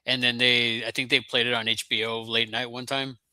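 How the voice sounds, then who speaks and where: A man guest on a watch-party stream, talking in a relaxed, friendly way. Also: medium pitch, brisk, dry recording. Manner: laid-back, friendly, says man and brother. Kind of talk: casual watch-party chat.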